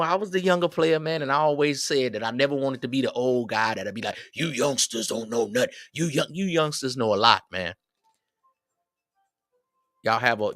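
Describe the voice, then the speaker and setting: A middle-aged man giving casual advice in a slangy, preachy, joking way, with loud swings. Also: on the low side, no room sound, studio quality. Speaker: show host.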